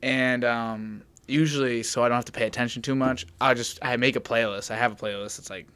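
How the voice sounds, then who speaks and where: A man's voice: mid-range voice, fairly even intonation, brisk, a bit bright, clean tone. Young guy hosting a laid-back podcast; loose, rambling delivery full of filler words, mid-range voice. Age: young adult. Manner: rambling, filler-heavy with frequent "like". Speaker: podcast host. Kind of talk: casual chat.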